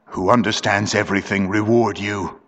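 A man voicing a pitiful old castaway in a storybook reading, speaking in a hushed, broken, pleading way, with long reverb. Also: lowish voice, fairly even intonation, moderate pace, lightly acted.

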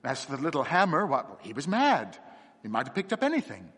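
A man voicing a nervous, excitable young curate who stammers and trembles, in a reverberant space. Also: sits high, a little fast, husky, voice pushed up, exaggerated voice. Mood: feverish. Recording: long reverb.

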